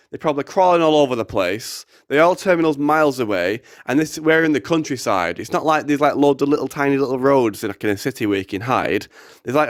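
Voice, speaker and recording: A young man telling a story casually, animated, swearing and acting out the quotes. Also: mid-range voice, no room sound, studio quality.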